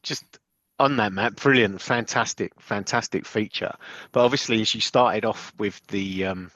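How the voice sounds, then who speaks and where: A man's voice: fairly low pitch, normal speed, fairly bright tone, dry recording. A British man co-hosting a podcast, chatting in a rambling, enthusiastic way. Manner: rambling, enthusiastic, lots of fillers. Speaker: podcast co-host. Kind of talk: casual chat.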